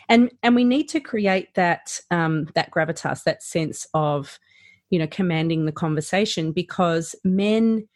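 Woman practitioner, low-ish voice, chatty podcast guest, dead-dry mic. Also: no room sound. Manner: animated, rising and falling pitch, lots of fillers. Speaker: practitioner educator. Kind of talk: podcast conversation.

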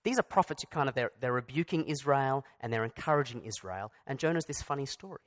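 A man's voice: mid-range voice, expressive, fast talker. A man preaching a sermon in a conversational way, with asides and restarts. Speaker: pastor.

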